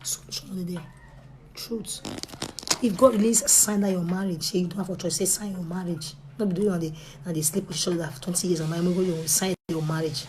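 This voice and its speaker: A young woman with a Nigerian Pidgin English accent, chatting straight to her viewers in a pleading, animated way that drops to a hush and rises loud. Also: on the low side, fast talker, a little hiss or hum. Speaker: vlogger. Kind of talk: casual direct-to-camera talk.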